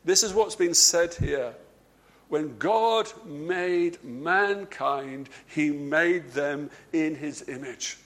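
Male preacher, sermon, slightly high voice, emphatic, slows right down and drops low on key words. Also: a bit bright. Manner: repeats words and restarts phrases.

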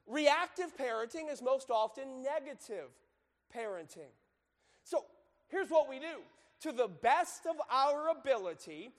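High-voiced male pastor preaching. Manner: earnest preaching, reads scripture aloud in a measured cadence. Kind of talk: sermon. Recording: long hall reverb.

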